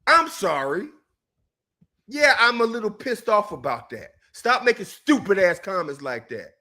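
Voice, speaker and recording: High-pitched guy with a sharp bright voice, ranting mad on a political show, cussing. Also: sing-song, unhurried. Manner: angry, profane, shouting at times. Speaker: co-host. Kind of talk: heated political rant.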